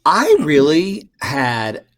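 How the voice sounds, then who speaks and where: Blunt, profane male co-host, swinging pitch, dry close-mic sound. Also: sing-song, drawn-out words, fairly bright tone, dry recording. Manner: blunt and profane, dramatic outbursts. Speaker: podcast co-host. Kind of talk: casual podcast chat.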